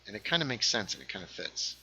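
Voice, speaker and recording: A man hosting a casual gaming livestream, chatting while he plays, reading viewer comments aloud and sometimes dropping into hushed asides. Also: lowish voice, fast talker, slight background noise, poor audio. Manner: lively, reads chat aloud, drops into hushed asides.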